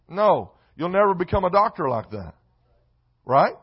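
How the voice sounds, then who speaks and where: A man preaches a sermon in a church. His high voice climbs into loud emphatic bursts and drops into joking asides. The recording sounds dull and lo-fi. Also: very animated, normal speed, slightly rough. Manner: preaching with rising shouts and comic asides. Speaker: pastor. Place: church sanctuary.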